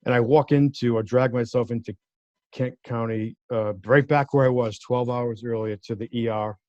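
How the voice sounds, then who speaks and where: A lawyer with a medium-pitched voice speaks at normal speed as an interview guest, telling a personal story. He's an animated storyteller who acts out the voices of the people he quotes. The recording is dry and slightly dull.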